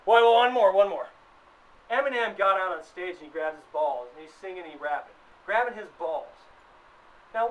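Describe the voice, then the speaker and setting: A worked-up man delivering a profane comedic rant, his high, bright voice jumping into loud bursts. He sits back from the mic, and a faint noise runs under the recording. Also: recorded from a distance, rough recording. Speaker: vlogger.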